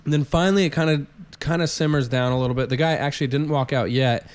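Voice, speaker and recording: A man's voice: a little high, quick pace, no echo. A man who is a touring stand-up comedian, telling casual rambling road stories with lots of restarts. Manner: rambling, self-interrupting, animated anecdotes. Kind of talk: casual storytelling chat.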